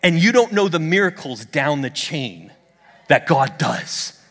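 A middle-aged male pastor preaching a sermon in a church, telling a story with animated swings of voice. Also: fairly high pitch, a little slow. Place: church sanctuary under stage lights. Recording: long hall reverb.

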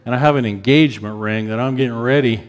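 A man in his fifties preaching a sermon with strong emotion, his pitch climbing when stirred and his voice softening as he acts out prayers of repentance. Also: quick pace. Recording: long hall reverb.

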